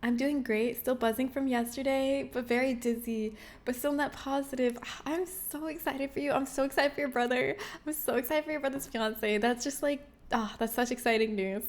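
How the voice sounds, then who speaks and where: Woman streamer, slightly high voice, playful and giggly, casual chat. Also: steady tone, normal speed. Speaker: game streamer. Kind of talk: casual livestream chat with viewers.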